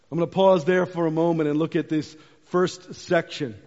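A pastor giving a sermon, reading scripture aloud, then explaining it in a casual, conversational way. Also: male voice, a little high, little pitch movement, normal speed, few pauses, a little mellow. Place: church sanctuary. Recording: muffled hall recording.

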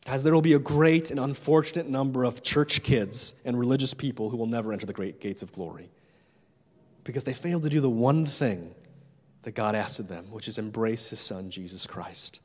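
A man's voice: medium pitch, expressive, brisk, in a large hall. A man preaching a sermon in a church as pastor, making urgent, repetitive appeals to his listeners.

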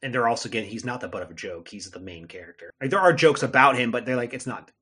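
A man co-hosting a podcast in casual chat, speaking lively with lots of fillers. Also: mid-range voice, quick pace, slightly rough. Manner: lively, uses many fillers like "like". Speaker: podcast co-host.

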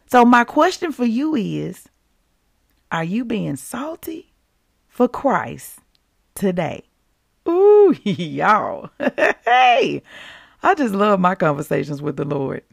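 A woman hosts a devotional podcast with exuberant, laughing energy, talking straight to her listeners. She speaks slowly, and her voice rises and falls widely. A gravelly rasp runs through it, with faint music underneath. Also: mid-range voice, sing-song, no room sound, clean studio sound. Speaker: Christian podcast host.

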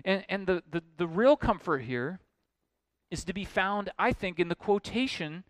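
A man pastor delivering an expository sermon with earnest conviction, his voice sitting a little high for a man. He builds toward emphatic, pressing questions. The sound is dry and close, with little room around it. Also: lively intonation, moderate pace, no echo.

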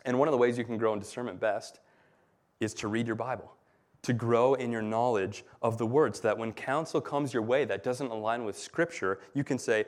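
A man's voice: lowish voice, brisk. Earnest man preaching a sermon. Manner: earnest, explanatory, with light humor. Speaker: pastor. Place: church.

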